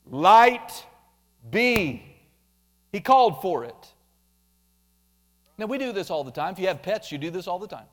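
A man preaching a sermon, animated, acting out quoted complaints in mocking voices. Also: high-pitched, fairly quick, long pauses. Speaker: pastor.

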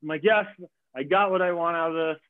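A man telling a race story in casual chat, acting out quotes with lively jumps in his voice. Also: fast, no room sound. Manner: animated, acts out quotes with big pitch jumps. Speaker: guest athlete. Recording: tinny phone-like line.

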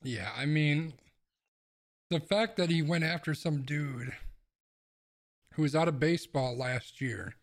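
A man co-hosting a sports podcast from home, ranting heatedly and swearing. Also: a little high. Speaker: podcast co-host. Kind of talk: casual sports chat. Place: home room with windows open.

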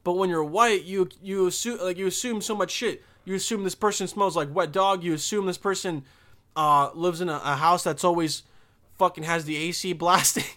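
A man's voice: high voice, moderate pace, bright, forceful tone. A young man from Bosnia with no accent, talking in a rambling, profane, emphatic casual monologue.

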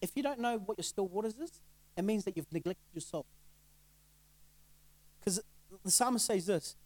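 A man's voice: high voice, animated, moderate pace, long pauses, darkish tone, no echo, low-quality recording. A middle-aged male pastor giving a casual sermon, conversational and laughing often, asking the crowd rhetorical questions. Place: church.

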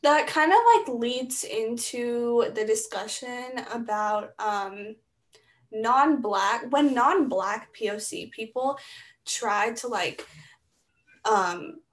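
A woman's voice: on the high side, takes it slowly. A young woman co-hosting a podcast, chatting casually and choosing her words with care. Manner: thoughtful, careful, hedging. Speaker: podcast co-host. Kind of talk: casual chat.

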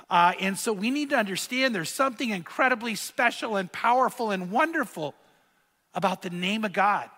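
A middle-aged man preaching a sermon as pastor, telling stories in a casual, conversational way. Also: sits high. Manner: storytelling with acted dialogue, conversational and lively. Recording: reverberant church hall.

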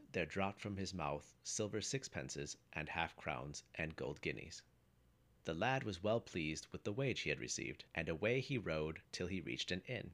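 A narrator with a very deep voice reads an old folk tale aloud. He delivers it in a measured, steady way, like a practiced storyteller.

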